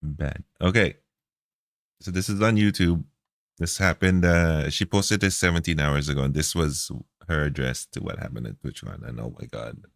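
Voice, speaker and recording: A man's voice: extremely low pitch, normal speed, vocal fry, fairly bright tone, dry recording, studio quality. A man streaming a reaction video, talking in a heated, profane, repetitive way.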